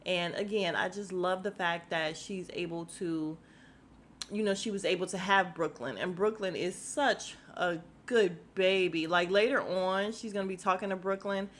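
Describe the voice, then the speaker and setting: A woman's voice: lowish voice, moderate pace, slight background noise. Woman podcast host doing a reality tv recap, chatty, laughs a lot, blunt, swears some, talks to "y'all". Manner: talks straight to listeners as "y'all".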